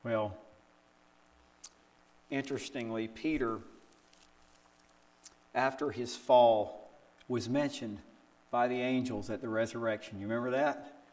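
An older man preaching a sermon, telling stories with rhetorical questions and acting out quotes with sudden jumps in pitch. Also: unhurried, pauses often. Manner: animated storytelling with rhetorical questions. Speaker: pastor.

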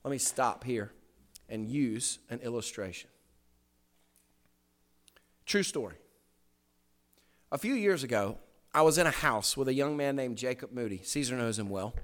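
A man preaching a sermon, swinging from loud declarations to hushed asides and telling stories with rhetorical questions. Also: medium pitch, animated, measured pace, long pauses, in a large hall.

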